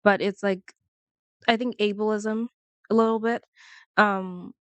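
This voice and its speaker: A woman's voice: medium pitch, fairly even intonation, slow pace, clean tone, no room sound. A young woman chatting casually to her channel, rambling and laughing as she goes. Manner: chatty, rambling, laughs often, quotes people in voices. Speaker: vlogger. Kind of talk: casual chat to camera.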